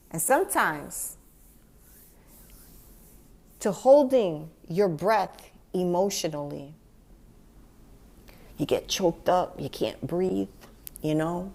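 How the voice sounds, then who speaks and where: A woman hosting a podcast, speaking gently and from the heart to the listener as a grieving mother reflecting on loss. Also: medium pitch. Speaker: podcast host. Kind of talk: personal reflective monologue.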